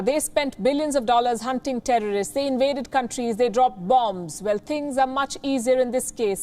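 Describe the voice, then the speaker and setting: A woman's voice: high-pitched, a little mellow. A woman news anchor with an Indian English accent, delivering scripted commentary full of pointed rhetorical questions.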